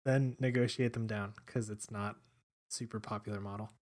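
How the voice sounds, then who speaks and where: A man co-hosting a casual podcast, easygoing and quick to laugh. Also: fairly low pitch, steady tone. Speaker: podcast co-host. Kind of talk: casual chat.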